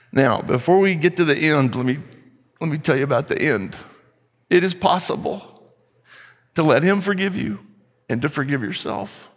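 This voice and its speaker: A man preaching an earnest sermon, slowing down when he reads scripture aloud. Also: mid-range voice. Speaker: pastor. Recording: long hall reverb.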